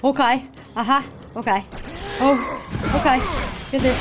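A woman playing a video game, reacting excitably and cheering on the character. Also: medium pitch, measured pace, pauses often, poor audio. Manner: excitable, exclaiming, talks to the character. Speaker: gamer streamer. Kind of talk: live gameplay reactions. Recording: voice over loud game music.

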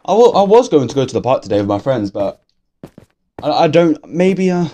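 A young English man giving casual, excitable gameplay commentary from his bedroom, swearing constantly and talking to himself. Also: fairly high pitch, brisk. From England. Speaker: gaming youtuber. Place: bedroom at home.

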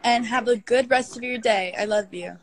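A woman's voice: on the high side, moderate pace. A young woman hosting a casual phone livestream, gushing and affectionate with her callers and her pet. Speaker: livestream host.

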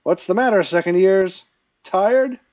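A man's voice: on the high side, big pitch swings, moderate pace, darkish tone, husky, highs cut off, pitched above the performer's own voice. A man playing a jovial, barking martial-arts teacher. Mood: teasing. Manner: jovial drill-sergeant barking. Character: cheerful, teasing male martial-arts teacher.

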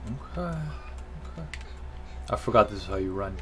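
A man's voice: lowish voice, animated, moderate pace, long pauses, a bit bright, slight background noise. A man doing casual, foul-mouthed let's-play commentary, joking and talking to himself and the game. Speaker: gaming video host.

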